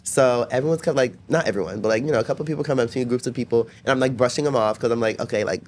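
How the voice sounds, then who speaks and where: A man's voice: mid-range voice, rapid-fire, darkish tone, slight background noise. A young man telling stories as a podcast guest, chatty, filling his talk with "like" and acting out what people said. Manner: chatty, constantly says "like", acts out quotes. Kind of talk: casual storytelling.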